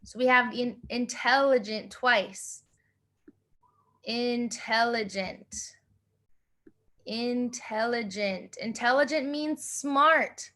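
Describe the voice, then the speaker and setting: A teacher, a woman, leading a class in an upbeat way and repeating questions and answers slowly. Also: high-pitched, pushed and bright. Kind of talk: online class instruction.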